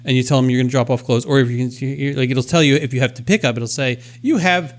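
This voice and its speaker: A man's voice: mid-range voice, steady tone, very fast. A man co-hosting a podcast, telling a story with lots of fillers and mimicked machine sounds. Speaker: podcast co-host. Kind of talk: casual chat.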